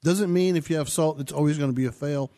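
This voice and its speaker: A man's voice: fairly high pitch, quick pace, mellow. A man from Arizona co-hosting a radio show as a home inspector, plainly explaining technical details with dry humor. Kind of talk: casual radio talk.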